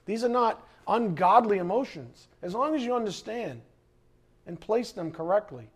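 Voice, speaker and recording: Animated high-voiced male preacher. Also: normal speed. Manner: animated preaching, acts out quoted voices and shouts. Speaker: pastor. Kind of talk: sermon.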